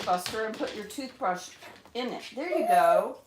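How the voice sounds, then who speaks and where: A woman chatting on a casual live stream at home, coaxing her pet birds in a high, sing-song baby-talk voice between plain remarks to viewers. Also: animated, normal speed. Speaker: pet bird owner livestreaming. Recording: echoey room, noisy background.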